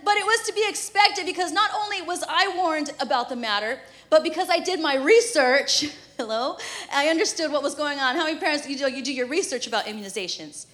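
A woman's voice: high-pitched, expressive, brisk, a bit bright. A woman in her thirties, a mother, preaching a sermon in a conversational, humorous way and laughing often. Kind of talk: sermon with prayer and personal story.

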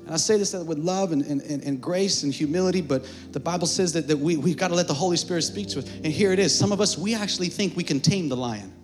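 A male pastor preaching a sermon in a church, calling on the congregation to answer back and swinging between hushed asides and shouting. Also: on the high side, fast talker, few pauses, music in the background.

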